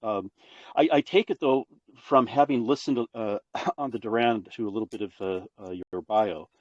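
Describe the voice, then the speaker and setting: An older man calling into a livestream, talking in a hesitant, halting way with many pauses and fillers. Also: mid-range voice, no echo. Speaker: caller. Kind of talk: casual chat. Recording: dull lo-fi call audio.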